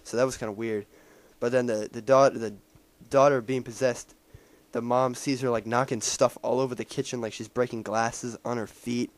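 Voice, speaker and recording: A man's voice: medium pitch, steady tone, normal speed, hardly any pauses. A man casually recapping a movie he just saw, rambling with many fillers and restarts. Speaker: movie reviewer.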